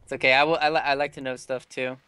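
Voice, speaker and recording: A man co-casting an online game match in relaxed, joking banter. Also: mid-range voice, racing, slight background noise. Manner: laid-back, joking. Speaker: esports co-caster. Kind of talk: casual caster banter.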